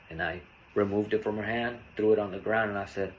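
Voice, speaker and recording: A man hosting a podcast, telling a personal story in a candid, earnest, unhurried way. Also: lowish voice, fairly even intonation, slight background noise. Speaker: podcast host.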